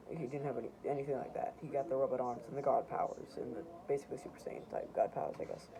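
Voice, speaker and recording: A man's voice: medium pitch, rapid-fire, vocal fry, crowd noise, rough recording. A man casually reading through his own homemade comics, rambling and correcting himself as he goes.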